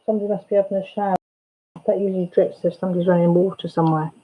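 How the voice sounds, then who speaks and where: A woman's voice: fairly low pitch, steady tone, rapid-fire, slightly rough. Chatty woman hosting a lo-fi livestream. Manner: chatty, greets and answers viewers' comments by name while talking to family off-camera. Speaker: livestream host and mother. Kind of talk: casual livestream chat. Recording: dull lo-fi audio.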